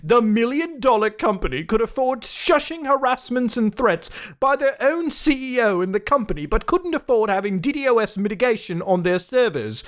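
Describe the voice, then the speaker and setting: A man's voice: extremely high pitch, very animated, moderate pace, voice pushed up. A snooty, stuck-up male know-it-all from the internet, as a man puts him on, speaking in a haughty, posh put-on accent. The voice sits well above the speaker's own and sounds slightly set back from the mic.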